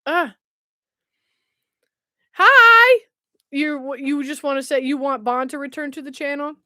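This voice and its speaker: A woman's voice: high voice, level tone, fairly quick, fairly bright tone, dry recording, clean studio sound. Bubbly woman streamer. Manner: bubbly, laughs often, self-mocking. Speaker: livestream host. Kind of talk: casual live chat.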